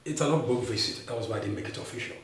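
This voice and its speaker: A man's voice: mid-range voice, rapid-fire, echoey room, recorded from a distance, a little hiss or hum, lightly acted. A man playing a coaxing Nigerian matchmaker friend. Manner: flattering, coaxing, chuckling. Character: flattering, persuasive older friend and matchmaker. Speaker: actor playing the businessman's friend.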